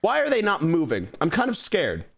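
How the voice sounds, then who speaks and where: A man's voice: fairly high pitch, wildly swooping pitch, moderate pace, vocal fry, a bit bright. A young man streaming a game, animatedly bossing his creatures around as he plays. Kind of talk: live gameplay commentary.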